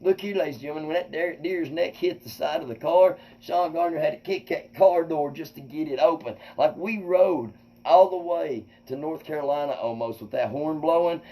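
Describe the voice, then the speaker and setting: Animated man telling a story. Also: a little high, normal speed, low-quality recording. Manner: animated, swearing, acts out quotes loudly. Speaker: comedian host. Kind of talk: casual storytelling to viewers.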